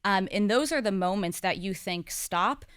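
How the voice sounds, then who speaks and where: A woman's voice: mid-range voice, moderate pace, clear, resonant tone, dry recording, studio quality. A woman in her thirties, a talk show co-host speaking candidly in a casual podcast conversation, with frequent fillers. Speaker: co-host and guest.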